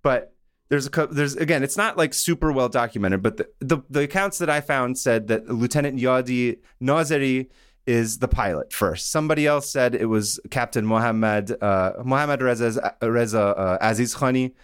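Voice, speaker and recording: A man co-hosting a podcast, telling a story in a casual, animated, joking way. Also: mid-range voice, normal speed, clean tone. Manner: animated, joking, drops into voices. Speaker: podcast co-host.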